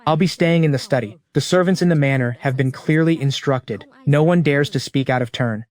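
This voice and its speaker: A man's voice: mid-range voice, fairly quick, darkish tone, lightly acted. A man voicing an aloof, arrogant young crown prince who talks in a cool, dismissive way.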